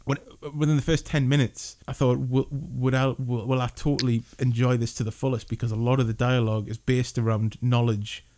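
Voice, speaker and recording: A man chats loosely about a film he reviewed, talking at a middling pitch. He wanders through his points with many fillers and restarts and laughs often. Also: little pitch movement, brisk, few pauses, darkish tone. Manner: rambling, lots of 'like' and restarts, laughs often. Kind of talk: casual review chat.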